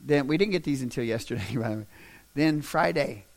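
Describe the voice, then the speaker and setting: A male pastor delivering a sermon as a humorous, conversational story that builds into loud, emphatic stretches. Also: mid-range voice, a little fast, vocal fry.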